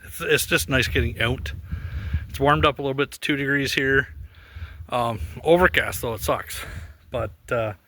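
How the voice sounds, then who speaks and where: A man's voice: medium pitch, moderate pace, pushed and bright. A man casually vlogging while walking through snowy bush, rambling with fillers and getting out of breath. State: out of breath in deep snow. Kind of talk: casual outdoor vlog.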